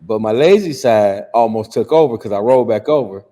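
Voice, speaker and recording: A middle-aged man from Detroit, a pastor and guest, telling stories casually in an animated, colloquial way. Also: lowish voice, brisk. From Detroit, USA. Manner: animated storyteller who acts out quotes, colloquial. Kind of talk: casual storytelling interview.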